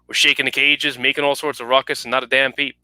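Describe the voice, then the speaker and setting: Gruff male sergeant, read by a man, blunt. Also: medium pitch, little pitch movement, quick pace, sharp tone, no echo, poor audio. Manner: blunt, coarse.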